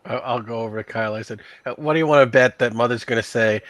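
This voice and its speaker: A man's voice: medium pitch, quick pace, fairly bright tone, dry recording. A man playing a tabletop role-playing game, joking in character and chuckling as he talks. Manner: jokey, chuckles while speaking in character. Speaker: player. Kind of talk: tabletop role-play banter.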